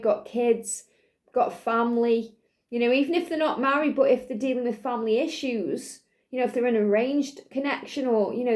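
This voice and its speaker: A woman giving a spiritual reading to her viewers, talking earnestly and reassuringly, with many "you know"s, and now and then clearing a slight cough from her throat. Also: fairly high pitch, a little mellow. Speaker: spiritual reader. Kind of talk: channelled tarot-style reading to viewers.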